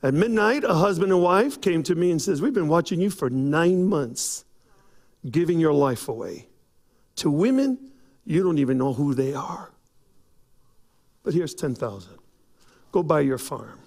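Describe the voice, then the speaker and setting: A man preaching a sermon, telling a personal story with acted-out quotes and rising to shouts. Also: fairly high pitch, expressive, measured pace, long pauses. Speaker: pastor. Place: church.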